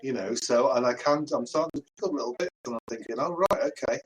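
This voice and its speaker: A man's voice: medium pitch, fast talker, breathy edge, low-quality recording. A man with a British accent in casual podcast chat, teasing the others with dry banter.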